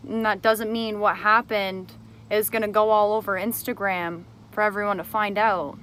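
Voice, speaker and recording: A woman's voice: medium pitch, moderate pace, a little hiss or hum. A young woman speaking straight to the camera, angrily accusing someone and then explaining her side of events. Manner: angry, accusing and confrontational at first, then calmer explaining. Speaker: speaker recounting a personal grievance. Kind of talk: emotional direct-to-camera testimony.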